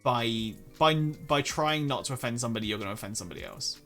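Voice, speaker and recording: A man's voice: medium pitch, animated, quick pace, fairly bright tone, soft background music. A man with an English accent hosting a livestream, chatting casually with frequent restarts. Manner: chatty, hesitant, self-correcting. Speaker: streamer host. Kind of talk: casual stream chat.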